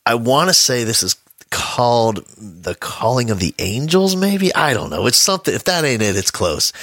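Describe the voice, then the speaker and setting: Hosting a casual podcast, a man with a medium-pitched, fairly bright voice tells a laid-back story at normal speed, his pitch swinging widely. He chuckles often, and the recording is dry and clean studio sound.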